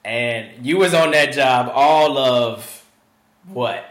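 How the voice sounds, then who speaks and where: A man in casual podcast chat with an easygoing manner, sometimes dropping to a low murmur as he recalls things. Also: slow, fairly bright tone. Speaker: podcast co-host. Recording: roomy, echoey sound.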